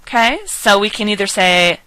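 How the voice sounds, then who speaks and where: A woman giving a recorded lecture as a language teacher, patient and explanatory, slowing down to enunciate example words clearly. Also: medium pitch, bright, forceful tone, poor audio. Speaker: Spanish teacher.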